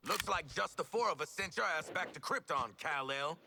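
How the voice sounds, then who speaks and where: A man's voice: on the high side, animated, moderate pace, gravelly, noisy background. An actor playing a laid-back hitman who trades dry quips. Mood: cocky. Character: cool, wisecracking hitman. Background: game music.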